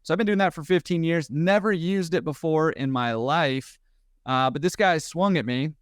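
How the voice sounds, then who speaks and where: A man's voice: a little high, clean tone, no room sound, clean studio sound. A man, a podcast guest, telling a story casually and with energy, chuckling as he goes. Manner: animated, quick, laughing at his own story.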